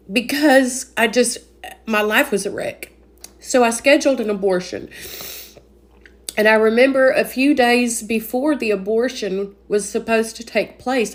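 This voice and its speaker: A woman with a fairly high voice gives a heartfelt personal testimony. She talks earnestly and emotionally, with plenty of casual "like" fillers as she tells her story. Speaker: speaker giving a faith testimony.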